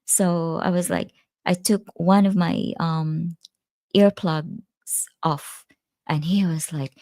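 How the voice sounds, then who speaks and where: A woman's voice: lowish voice, steady tone, takes it slowly, a little mellow, dry recording, clean studio sound. A middle-aged woman hosting a casual livestream, chatting and laughing easily as she tells stories and answers viewer comments. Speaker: livestream host. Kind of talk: casual live-stream chat.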